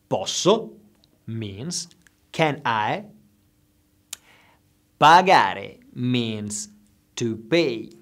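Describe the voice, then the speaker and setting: A man teaching travel phrases, saying each one slowly and clearly so listeners can repeat after him. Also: mid-range voice, fairly bright tone. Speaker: language teacher. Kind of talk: slow instructional phrase drills.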